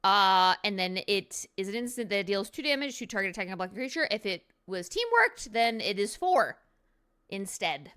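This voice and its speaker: Goofy bright-voiced woman streamer. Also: medium pitch, sing-song, moderate pace, clear, resonant tone. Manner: goofy, playful, silly threats and jokes. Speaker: streamer reviewing cards. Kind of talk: casual card review commentary.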